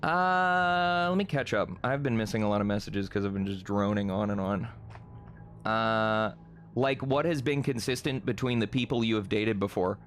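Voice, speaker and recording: A man's voice: lowish voice, normal speed, a little hiss or hum. A young man chatting casually on a live stream, reading chat, rambling, laughing often and swearing freely.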